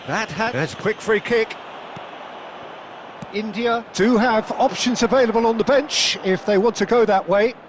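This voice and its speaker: A man voicing a male football play-by-play commentator in a video game, calling the match with lively swings up to excited shouts. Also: high-pitched, a little slow, background noise. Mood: measured.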